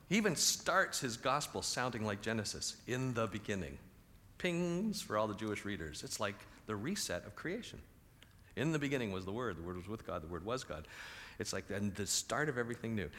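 A man's voice: mid-range voice, a bit bright. A man preaching a conversational sermon and asking the audience questions. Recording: reverberant large hall.

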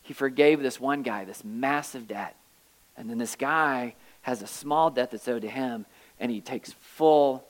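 A man's voice: mid-range voice, poor audio. A man preaching a sermon, reading scripture aloud and explaining it in a conversational way with wry asides. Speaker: pastor.

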